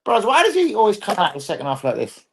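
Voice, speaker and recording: A man hosting a rowdy livestream fan chat, swearing constantly and swinging from low mumbles to loud outbursts. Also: huge pitch swings, quick pace, vocal fry, a little hiss or hum. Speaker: livestream host. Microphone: computer mic on a livestream.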